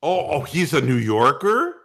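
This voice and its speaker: A man hosts a loose sports talk show, full of crude jokes. His voice is bright and swings widely in pitch. The talk is loose and animated. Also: normal speed, vocal fry. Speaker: podcast host.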